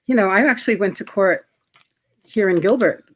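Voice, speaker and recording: A middle-aged woman from New York with a New York accent, a guest chatting casually about credit, often pausing with ums and clearing her throat. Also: medium pitch. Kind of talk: casual interview chat.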